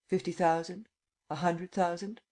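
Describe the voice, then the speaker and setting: A man voicing a commanding imperial visitor who speaks calmly and evenly, in an audiobook reading. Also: sits high, measured pace, voice pushed up. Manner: calm, even, stating rather than asking.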